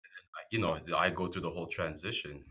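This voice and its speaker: Very deep voiced guy, easygoing chat, bright forceful tone. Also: a little fast. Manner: easygoing, conversational. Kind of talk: casual chat.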